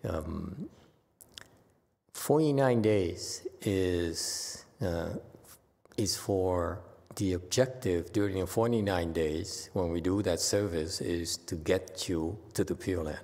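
A man leading an informal Buddhist dharma talk, answering questions in a chatty way, laughing often and swinging between low asides and emphatic points. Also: takes it slowly, gravelly, a little mellow, long reverb tail. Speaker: Buddhist teacher.

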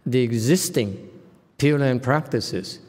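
A man speaking as a Buddhist monk in an informal dharma talk, blunt and scolding, with flashes of sharp indignation. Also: medium pitch, slow, long reverb tail.

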